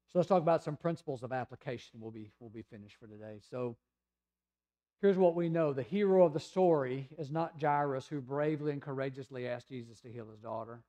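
Southern male pastor, middle-aged, mellow tone, chatty sermon delivery with sudden loud and soft turns. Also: fairly high pitch, a little fast. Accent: Southern American. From Tennessee, USA.

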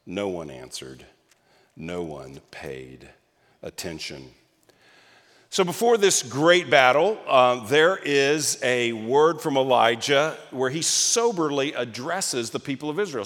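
Animated male preacher in a reverberant hall. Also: on the high side, moderate pace, hardly any pauses. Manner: animated, emphatic preaching with restarts. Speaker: pastor. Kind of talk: sermon.

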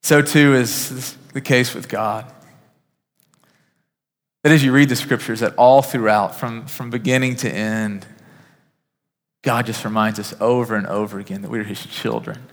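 Male pastor, mid-range voice, earnest sermon delivery with soft drops, long reverb of a church hall. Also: mid-range voice, steady tone, unhurried, pauses often. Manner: earnest, names listeners, rises to emphatic peaks then drops soft. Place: church sanctuary.

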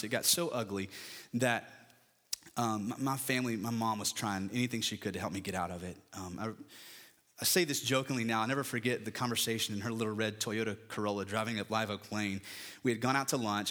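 Middle-aged guy preaching, bright forceful voice, gets loud and lively on the big points then drops into storytelling. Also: on the low side. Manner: animated preaching, rising emphatic lists, personal storytelling. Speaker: pastor. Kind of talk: sermon.

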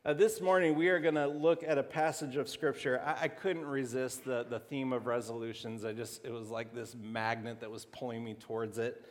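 A man preaching a sermon to his congregation as pastor, talking in a conversational, halting way with restarts. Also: mid-range voice, fairly even intonation. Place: church sanctuary. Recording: long hall reverb.

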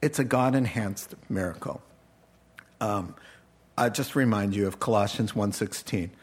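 Slow-paced joking male pastor. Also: fairly low pitch, slightly rough. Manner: animated, joking asides with laughter. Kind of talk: sermon.

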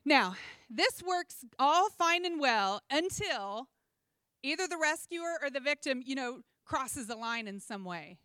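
Young woman giving a chatty sermon, bright crisp voice, dry close sound. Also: high-pitched, unhurried, no room sound. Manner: conversational and animated, with asides and self-deprecating humor. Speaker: preacher.

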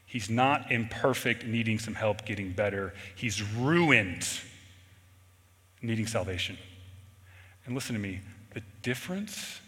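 A man's voice: lowish voice, lively intonation, measured pace, long pauses. Earnest preacher man in a reverberant hall. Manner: earnest, swings between loud emphasis and quiet intensity. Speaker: pastor. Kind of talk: sermon.

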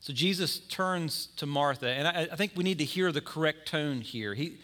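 A male pastor delivers a sermon in an easy, conversational way. His voice sits a little high for a man and sounds bright and forceful, and he brings the scene to life by acting out the people in the story. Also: normal speed. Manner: conversational preaching with acted-out scenes.

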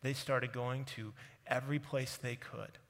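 A man preaching a sermon, telling the story with lively, casual voices for the people in it. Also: medium pitch, a little slow, creaky. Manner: animated storytelling, acting out quotes in casual voices. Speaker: pastor. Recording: long hall reverb.

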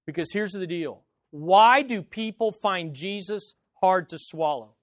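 A pastor preaching with a fairly high voice that rises into emphatic peaks and drops to quiet, low asides. He repeats phrases and restarts lines to drive points home. The sound is dry and close. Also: expressive, measured pace, no room sound. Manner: preaching with wide swings in loudness and pitch. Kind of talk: sermon.

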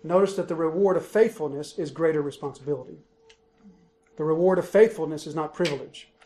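Emphatic preacher man, higher voice. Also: brisk, mellow. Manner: emphatic, repeats key points. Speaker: pastor. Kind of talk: expository sermon.

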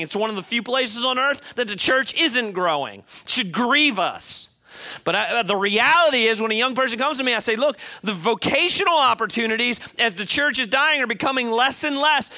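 A middle-aged man preaching a sermon as a pastor, animated, moving between loud emphasis and quiet asides and acting out voices. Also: extremely high pitch. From United States.

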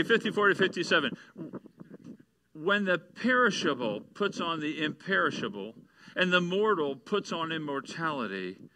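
A man's voice: a little high, bright, forceful tone, no room sound, rough recording. A man preaching a sermon, reading scripture and building to taunting, emphatic peaks. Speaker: pastor.

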